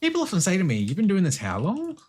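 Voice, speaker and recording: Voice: mid-range voice, huge pitch swings, quick pace, darkish tone, soft background music, pitched above the performer's own voice. A streamer putting on an Australian accent to voice a blunt, cheeky Australian woman from a game, reading her lines aloud. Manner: brash, cheeky, swearing. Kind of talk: put-on voice while reading game dialogue.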